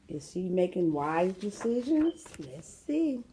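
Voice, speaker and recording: A woman reading a storybook aloud for children, expressive and asking the listener questions. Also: lowish voice, unhurried, few pauses.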